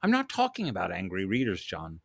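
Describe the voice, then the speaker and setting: A man reading aloud voices a troubled Victorian writer in a storybook, intense and urgent, with a low, steady voice. The sound is close and dry, with no room around it. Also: brisk, creaky, no room sound, heavily acted. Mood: anguished.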